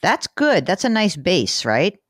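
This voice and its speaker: A woman hosting a money advice show, chatting briskly and teasing her co-host while she questions a caller. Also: on the low side, big pitch swings, no echo, clean studio sound. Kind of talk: casual radio call-in chat.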